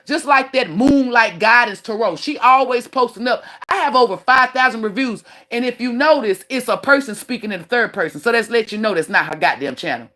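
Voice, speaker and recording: A woman with a high-ish voice, lively intonation, and a sharp tone rants on a livestream at a brisk clip with few pauses. Casting herself as a spiritual teacher, she lectures bluntly and preachily, swearing heavily and boasting about her own gifts.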